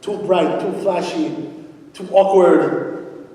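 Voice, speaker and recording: A man's voice: high voice, slow pace, dark tone. A male rabbi giving a Torah lecture to a congregation, speaking conversationally with frequent "you know" and rhetorical questions. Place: synagogue hall at an evening event. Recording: echoey hall from far off.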